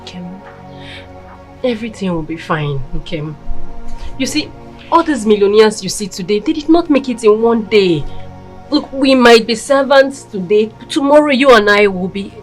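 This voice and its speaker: A woman playing a young wife who gently comforts and reassures her husband. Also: on the high side, normal speed, faint music behind, lightly acted. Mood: soothing. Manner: soothing, reassuring.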